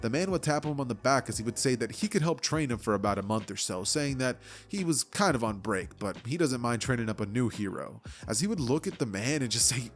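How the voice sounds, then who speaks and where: A man's voice: medium pitch, lively intonation, brisk, hardly any pauses, soft background music. A man casually narrating a fan-made story in a loose, chatty way with lots of fillers.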